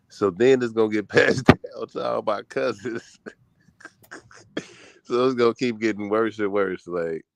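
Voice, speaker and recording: Very deep-voiced man chatting easily. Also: vocal fry, no echo. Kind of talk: casual chat.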